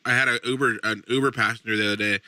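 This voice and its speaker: A man's voice: medium pitch, fairly even intonation, very fast, pushed and bright, dry recording. A man co-hosting a podcast, telling a story in a matter-of-fact way with frequent fillers. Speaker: podcast co-host. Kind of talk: casual chat.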